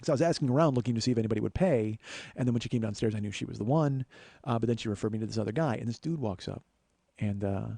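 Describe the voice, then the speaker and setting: In a dry recording, a forties-aged podcast host races through a long funny story with a mid-range, warm voice that's slightly rough and full of vocal fry. He keeps dropping in profane, self-deprecating asides.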